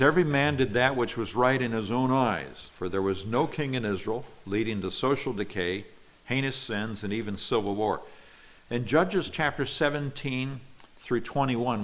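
A man's voice: lowish voice, fairly bright tone, low-quality recording. A man preaching an expository sermon, reading scripture aloud and explaining it word by word. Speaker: pastor.

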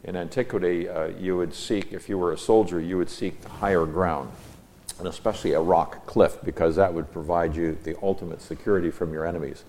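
A man teaching the Bible verse by verse, reading passages aloud with emphasis and pausing to explain the Hebrew words. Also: low-pitched, steady tone, a little mellow, slight background noise. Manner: reads scripture aloud, then stops to explain Hebrew words.

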